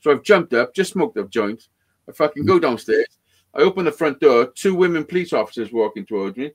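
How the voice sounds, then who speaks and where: Guy, slightly high voice, sweary anecdotes on a live stream chat. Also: animated, a little fast. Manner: swears constantly, acts out quoted dialogue animatedly. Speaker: livestream co-host. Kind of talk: casual storytelling chat.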